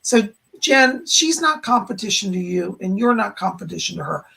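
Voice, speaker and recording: A man hosting a live stream as a psychic medium, giving readings to viewers who donate and relaying messages from spirits in a rambling way. His voice is going hoarse. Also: sits high, big pitch swings, normal speed, pushed and bright.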